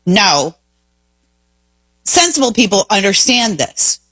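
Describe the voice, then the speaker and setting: A woman's voice: medium pitch, big pitch swings, slow pace, a bit bright, husky, no room sound. A woman hosting a talk show, delivering an emphatic, opinionated monologue full of rhetorical questions. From Indiana, US.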